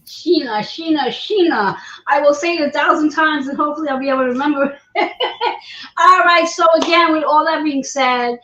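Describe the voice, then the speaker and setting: High-voiced encouraging woman hosting a livestream. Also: normal speed, pushed and bright. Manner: encouraging, repeats phrases, chatty. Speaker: livestream interview host. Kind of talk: upbeat livestream interview. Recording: roomy, dull lo-fi livestream audio.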